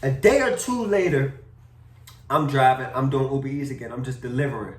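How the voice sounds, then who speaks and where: A young man from Maryland telling a car crash story in a casual vlog, animated, full of slang and cursing. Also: medium pitch, fairly quick, distant mic. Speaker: vlogger. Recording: roomy echo, a bit off-mic.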